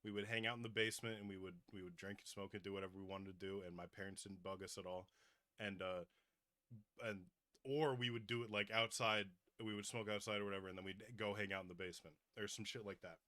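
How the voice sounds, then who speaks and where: A young adult man hosting a podcast, telling a story in relaxed, rambling casual chat. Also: lowish voice, fast talker, no room sound, clean studio sound. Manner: laid-back, rambling with fillers and loose asides. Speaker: podcast host.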